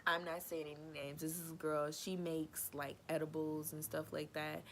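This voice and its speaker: A woman vlogger telling a funny personal story in casual, animated slang, swearing freely and acting out what people said. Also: deep voice, moderate pace, creaky, a little hiss or hum.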